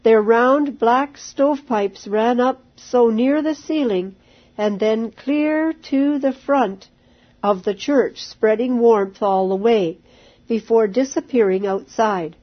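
A woman reads a children's story aloud in a gentle, clear way. She takes her time over every sentence, and her voice sits a little high. The recording is dull and lo-fi. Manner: slow, gentle and clear, with light character voices.

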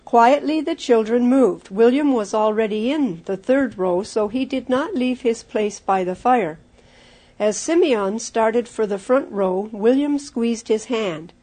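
A woman narrating a children's storybook aloud in a clear, measured way. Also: fairly high pitch, mellow.

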